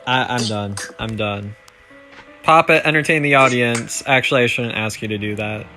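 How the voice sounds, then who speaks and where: A man's voice: mid-range voice, normal speed, sharp tone, faint music behind. A man streaming a game tournament, chatting in a laid-back, giggly way. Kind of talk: casual stream banter.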